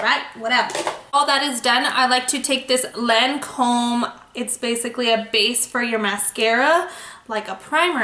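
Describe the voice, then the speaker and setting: A young woman chats her way through a makeup tutorial with a bright, forceful voice pitched a little high. She jokes at her own expense as she goes. The sound bounces around an echoey room at home. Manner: chatty, playful, self-mocking asides. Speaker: beauty vlogger.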